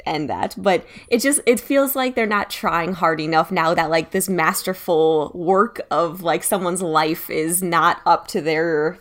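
A woman on a casual group podcast, talking in a quick, animated way with many filler words. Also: on the low side. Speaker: podcast panelist.

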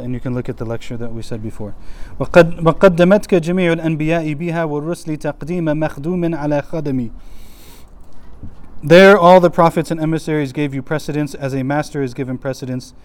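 Guy teaching a religious class, smooth clear voice, rambly and casual, bit worn out. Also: mid-range voice, steady tone, quick pace, few pauses. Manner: chatty, frequent "like" and restarts. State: voice a little worn.

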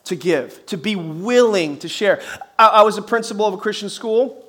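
Middle-aged man, pastor, very high voice, energetic sermon delivery with folksy humor and shouted emphasis. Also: normal speed. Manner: energetic, emphatic, rising to shouts on key phrases; folksy humor with repeated rhetorical questions. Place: church service before a congregation.

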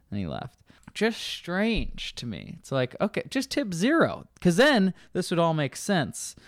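A man casually telling a bar story, swearing and acting out angry customers in loud voices. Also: mid-range voice, sing-song, moderate pace, no room sound, studio quality.

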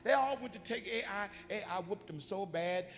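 Preacher man telling a bible story all fired up, bright voice, echoey church w faint music. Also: sits high, moderate pace. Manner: animated storytelling, folksy, swings to shouting. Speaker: bishop and pastor. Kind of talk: sermon. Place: church sanctuary.

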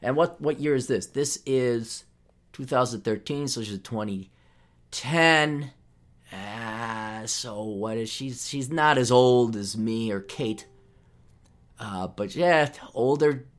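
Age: unknown. Role: podcast host. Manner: sarcastic, voice jumping high when indignant. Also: male voice, slow pace. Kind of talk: ranting commentary while reading an article aloud.

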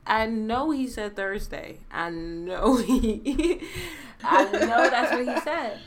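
A woman's voice: a little high, animated, takes it slowly. A woman co-hosting a casual chat, laid-back and slangy, laughing often.

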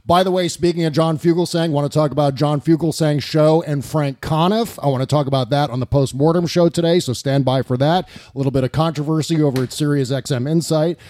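A man hosting a casual political talk podcast, sarcastic and quick to mock what he quotes. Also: fairly high pitch, steady tone, mellow. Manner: sarcastic, mimics quotes in a mocking voice. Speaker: podcast host.

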